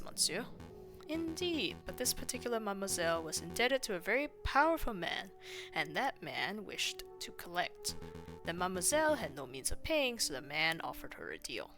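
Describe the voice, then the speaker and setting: A woman reading a suave male fox schemer aloud from a game, smooth and grandiose. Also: lowish voice, a bit bright.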